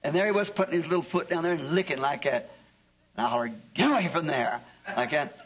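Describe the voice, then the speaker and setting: Husky preacher on old tape. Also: male voice, a little high, expressive. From American South. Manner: homespun, chuckling, drawn-out anecdotes. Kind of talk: folksy storytelling sermon. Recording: dull lo-fi archive tape.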